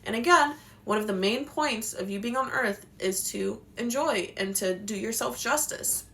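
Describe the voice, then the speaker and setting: A woman's voice: a little high, normal speed, fairly bright tone. A young woman giving spiritual life advice in a casual, passionate, slangy talk, swearing now and then. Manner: passionate, slangy, swears, acts out quotes in voices.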